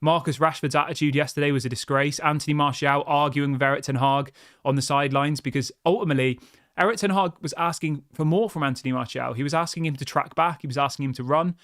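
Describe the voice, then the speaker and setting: Reading out viewers' comments on his football channel, a man gives frustrated, blunt takes conversationally, dropping "mate" again and again. He speaks quickly in a slightly high, steady, somewhat bright voice, with clean studio sound and no echo.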